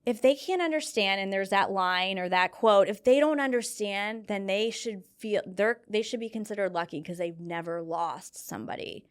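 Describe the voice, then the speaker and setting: A woman's voice: medium pitch, normal speed, hardly any pauses, clean tone. A young woman talking earnestly about grief in a casual conversation, telling stories with feeling. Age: young adult. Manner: earnest, animated storytelling with fillers. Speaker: guest.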